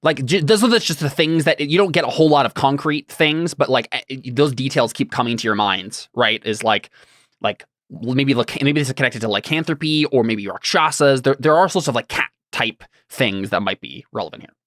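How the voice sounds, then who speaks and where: A man's voice: medium pitch, brisk, a bit bright, dry recording, clean studio sound. A man narrating as game master of a tabletop game, rambling and hesitant with many fillers.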